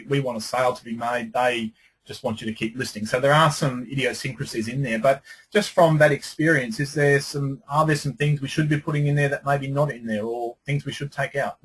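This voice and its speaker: A man hosting a copywriting webinar in casual discussion, talking animatedly and breaking into lively demo readings. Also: mid-range voice, husky, poor audio.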